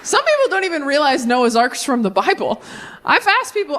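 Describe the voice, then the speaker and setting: A young woman performing a stand-up comedy set on stage, landing deadpan punchlines and jumping to animated voices when she quotes people. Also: high voice, quick pace, a faint crowd. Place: comedy stage before a live audience.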